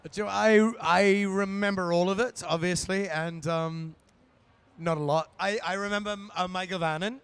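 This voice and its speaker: A man's voice: sits high, fairly even intonation, moderate pace, vocal fry, fairly bright tone, clear, resonant tone. A man, a guest actor, chatting and telling anecdotes at a live stage event, sometimes putting on silly voices. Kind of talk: casual stage interview.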